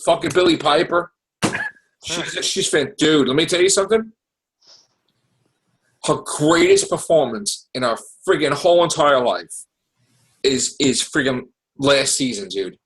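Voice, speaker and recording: A man hosting a casual podcast chat, recapping TV shows in an excitable, profane, animated way. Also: on the high side, a little slow, pauses often, low-quality recording. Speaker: podcast host.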